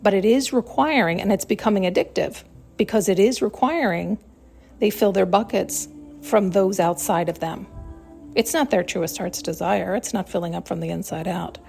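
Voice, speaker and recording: A woman's voice: mid-range voice, normal speed, gravelly, a little mellow, faint music behind. A woman hosting a solo spiritual podcast, talking in a searching, emphatic way and now and then acting out the voices she quotes. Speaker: podcast host.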